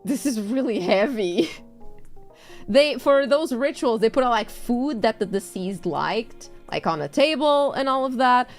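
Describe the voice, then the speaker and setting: Lively, swearing woman streamer. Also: fairly high pitch, measured pace, soft background music. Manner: animated storytelling, swears freely, laughs often. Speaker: VTuber streamer. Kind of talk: casual stream chat.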